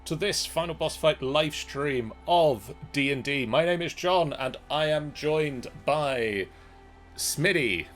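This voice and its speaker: A man's voice: fairly high pitch, expressive, slow pace, fairly bright tone, soft background music. A man hosting a live-streamed tabletop game as game master, casual, joking and a little scattered.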